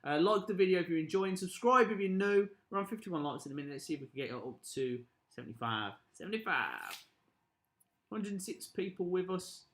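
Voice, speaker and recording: A young man from Birmingham with a Birmingham accent, chatting and reacting loudly while hosting a football watch-along stream. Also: sits high, lively intonation, brisk, a little hiss or hum. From Birmingham, England. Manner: chatty, reacts loudly, plugs likes and subscribes. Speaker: live stream host. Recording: echoey room.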